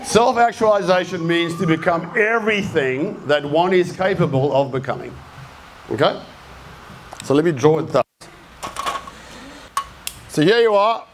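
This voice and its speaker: A man's voice: on the high side, lively intonation, a little slow, pauses often, a little hiss or hum. An Australian man giving a live talk to an audience, casual and blunt, swearing freely and quizzing the crowd. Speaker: speaker at a creative talk. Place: event room with a live audience.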